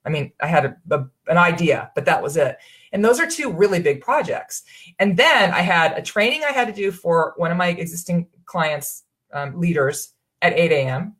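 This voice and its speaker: A woman's voice: lowish voice, animated, moderate pace, a bit bright, slightly rough. Woman, online business coach, casual live-stream delivery, earnest and encouraging. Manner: chatty, earnest, encouraging, many restarts. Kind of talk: live webinar Q&A.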